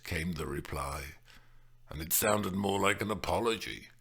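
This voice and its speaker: A man narrating an audiobook novel in a measured, expressive way. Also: sits low, breathy edge.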